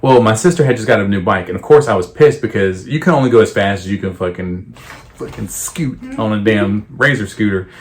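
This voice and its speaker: A man's voice: lowish voice, a little fast, a little hiss or hum. A young man co-hosting a podcast, telling childhood stories in casual chat, swearing freely and laughing often. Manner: profane, joking, laughs often. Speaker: podcast co-host.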